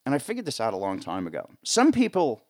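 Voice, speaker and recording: A man's voice: mid-range voice, fast talker. A middle-aged man from the United States, a live sound rigger, telling rambling stories in a casual interview. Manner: rambling, lots of fillers, animated voices when quoting.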